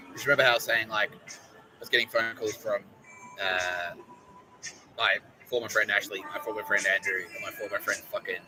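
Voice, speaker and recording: A man's voice: lowish voice, rough recording. An Australian man hosting a podcast, delivering a profane, rambling monologue and mocking the people he talks about. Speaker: podcast host.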